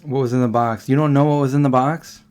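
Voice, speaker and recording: Man, livestream host, casual rambling chat, quick questions back to the chat. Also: medium pitch, steady tone, a little mellow, smooth.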